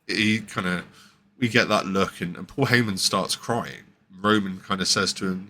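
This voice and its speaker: Deep-voiced man, rambling recap. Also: moderate pace, pushed and bright, a little hiss or hum. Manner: rambling, with many fillers and restarts. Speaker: podcast host. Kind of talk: casual wrestling show recap.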